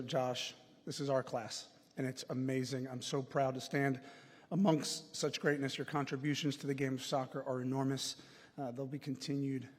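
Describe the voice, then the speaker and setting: A man in his forties from the United States giving an earnest acceptance speech at an induction ceremony, with frequent fillers and restarts. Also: medium pitch. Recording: long reverb of a large hall.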